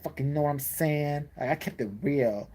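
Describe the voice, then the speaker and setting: A man's voice: fairly high pitch, normal speed, a little mellow, natural voice. Man doing a swaggering rich-kid rapper. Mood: mocking swagger. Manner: mocking, swaggering slang drawl. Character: spoiled rich young man posing as gangster rapper. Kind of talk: comedic impression in casual chat.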